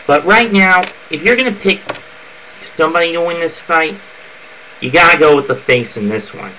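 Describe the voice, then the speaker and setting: A man's voice: a little high, expressive, moderate pace, bright, forceful tone, slight background noise, low-quality recording. A man giving his fight predictions in a casual monologue, opinionated and prone to heated rants. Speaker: wrestling fan giving event predictions. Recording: music playing under the voice.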